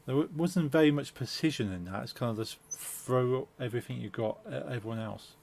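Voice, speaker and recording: A man's voice: mid-range voice, brisk, vocal fry, darkish tone, a little hiss or hum. A man streaming a game, chatting casually and hesitantly with lots of fillers and restarts. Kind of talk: casual gaming chat.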